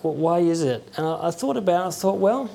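Halting, chatty man preaching. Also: high-pitched, animated, vocal fry, warm tone. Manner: conversational, halting, with chuckles and acted quotes. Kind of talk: informal sermon.

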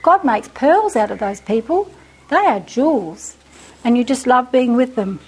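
A woman's voice: high voice, lively intonation, unhurried, breathy edge, low-quality recording. An older woman giving an informal, enthusiastic teaching talk to women, often repeating words and acting out little quotes.

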